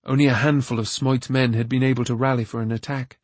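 A man narrating a fantasy novel aloud in a steady, even storytelling manner. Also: medium pitch, quick pace, no room sound. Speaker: audiobook narrator. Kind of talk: scripted narration.

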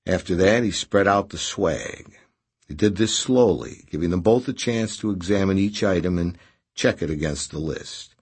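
Deep, husky male narrator. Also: lively intonation, moderate pace, darkish tone. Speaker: audiobook narrator. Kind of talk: scripted narration.

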